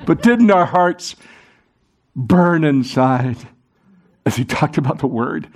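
A middle-aged man preaching a sermon, animated and urging the congregation to join in. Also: fairly high pitch, takes it slowly. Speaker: pastor.

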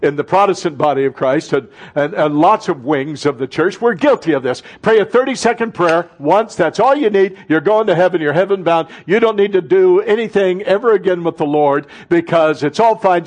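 High-voiced impassioned male pastor. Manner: impassioned preaching with sudden swings between loud and soft; calls out to the congregation. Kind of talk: sermon.

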